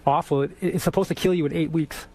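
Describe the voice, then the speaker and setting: Brief: high, quick-talking man from Boston, animated storyteller, swears and laughs through his anecdotes. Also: crowd noise. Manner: animated, swearing, laughs while telling stories. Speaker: guest musician. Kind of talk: casual storytelling on radio.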